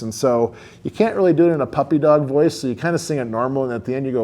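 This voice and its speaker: Relaxed man explaining a kids' song. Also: mid-range voice, quick pace, few pauses. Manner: friendly, relaxed, with fillers like um and uh. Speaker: educator teaching kids a song. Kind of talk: casual explanatory talk.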